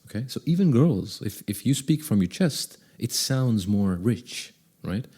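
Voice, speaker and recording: In this to-camera session on vocal confidence, a man coaches the listener in a warm, slightly rough, mid-range voice that is sing-song and a little slow. He regularly shifts his pace and volume to show exactly what he means.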